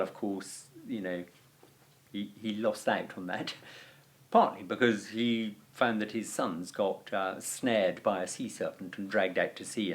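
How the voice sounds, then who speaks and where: Animated man teaching a language lesson. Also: medium pitch. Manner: animated explaining, chatty fillers. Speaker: Latin teacher. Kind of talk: video lesson.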